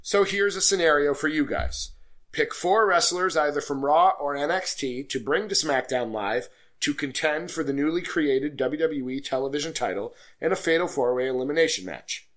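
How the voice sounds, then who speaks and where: A man's voice: fairly high pitch, moderate pace, a bit bright. A man co-hosting a casual podcast, joking around and reading listener emails aloud. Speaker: podcast co-host. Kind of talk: casual chat.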